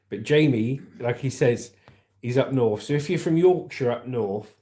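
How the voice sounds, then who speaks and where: A man's voice: mid-range voice, normal speed, dark tone, reverberant. A man with a southern English accent reading the news aloud on a livestream, with casual, chatty asides to viewers. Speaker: livestream host.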